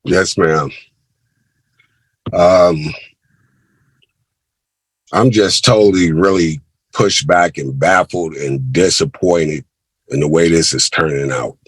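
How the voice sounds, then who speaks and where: A man's voice: deep voice, slow pace, long pauses, husky, no echo, poor audio. Heated man speaking over a video call. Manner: heated, emphatic and repetitive. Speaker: crime victim. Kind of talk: victim impact statement in court.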